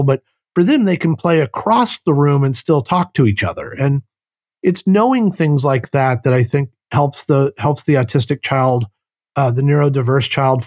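A man hosting a podcast interview, a parent speaking in a thoughtful, measured way with some hesitations. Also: on the high side, a little mellow. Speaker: podcast host.

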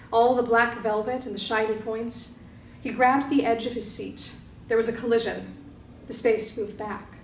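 A woman reading a short story aloud in a calm, measured storytelling manner. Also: fairly high pitch. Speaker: narrator. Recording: roomy distant mic with faint hiss.

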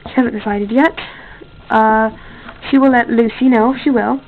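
A woman's voice: a little high, fairly even intonation, measured pace, narrow, tinny audio, a little hiss or hum. A female contest host in a casual home video, rambling and correcting herself often. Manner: rambling, with many fillers and self-corrections.

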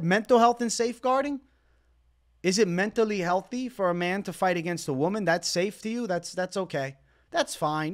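A high-pitched man delivering a heated reaction commentary. He rants with indignation and hammers his points home by repeating the same words over and over. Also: moderate pace. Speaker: MMA commentator.

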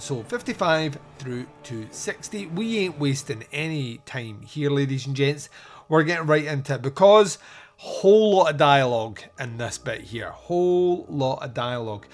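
A man hosting a casual film-recap podcast, irreverent and joking with crude asides. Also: mid-range voice. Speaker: podcast host reviewing a film.

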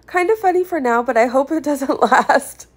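A woman's voice: high-pitched, moderate pace. A woman casually reading social media comments aloud, adding chuckles and short wry asides between them.

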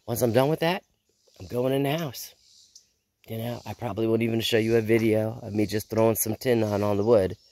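A woman vlogging outdoors in her backyard garden. She rambles in a casual, unhurried way, sounds a little out of breath, and feels unwell. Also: very deep voice, fairly even intonation, mellow. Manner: rambling, unhurried, with repeated sign-offs. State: feeling unwell. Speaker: homestead vlogger. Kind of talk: casual chat.

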